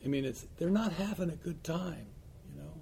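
A man with a gravelly, creaky voice speaks as a recovery sponsor in loose, rambling chat. He talks bluntly, with plenty of fillers and asides. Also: a little high, moderate pace, dark tone, a little hiss or hum. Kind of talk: casual chat.

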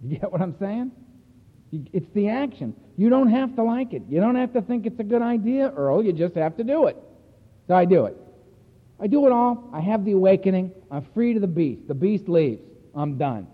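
A man addresses a recovery meeting, telling his story in a blunt, earthy, emphatic way. His voice sits a little high for a man. It rings through a reverberant hall and comes across thin and phone-like. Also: very animated, normal speed. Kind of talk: personal recovery talk to a meeting. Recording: echoey hall over a tinny phone-like line.

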